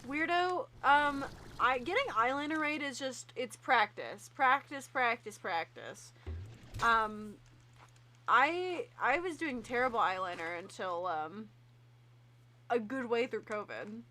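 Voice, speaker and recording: A woman's voice: on the high side, lively intonation, unhurried, bright, forceful tone, a little hiss or hum. A young woman chatting playfully with friends while streaming a game. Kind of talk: casual gaming stream chat.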